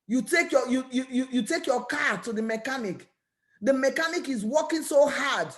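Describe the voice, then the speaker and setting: A high-pitched woman speaks with a Nigerian English accent. She gives an energetic, preachy motivational talk as a network marketing business owner. She stumbles over and repeats words as she pushes her point. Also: moderate pace.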